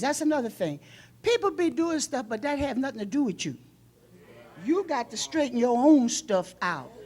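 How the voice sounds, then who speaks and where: A woman pastor preaches in a church, her plain in every line. Her voice is husky and sits fairly high, with pitch that climbs and plunges. She swings from loud outbursts down to near whispers. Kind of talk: sermon.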